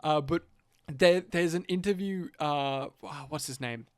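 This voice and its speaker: A man's voice: on the high side, measured pace. A man co-hosting a podcast in casual chat, rambling, swearing and laughing often. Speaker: podcast co-host.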